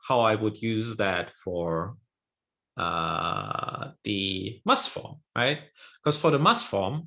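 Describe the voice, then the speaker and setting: A man's voice: on the low side, pushed and bright. A man teaching a language lesson, explaining patiently step by step and often checking in with his student. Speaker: Japanese teacher.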